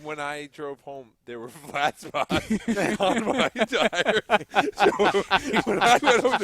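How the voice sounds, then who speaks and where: Man, higher voice with lots of rise and fall, casual joking podcast chat, laughing often, gym setting. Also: lively intonation, takes it slowly, few pauses, a bit bright. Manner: jokey, laughing, chimes in. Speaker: podcast co-host. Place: MMA gym cage.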